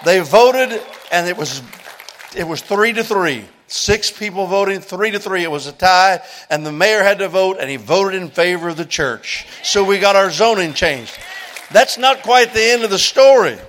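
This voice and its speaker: An older man preaches a sermon. His voice sits high. He tells a story, then builds into loud, urgent preaching and an altar call. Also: lively intonation, moderate pace, slight background noise. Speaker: pastor.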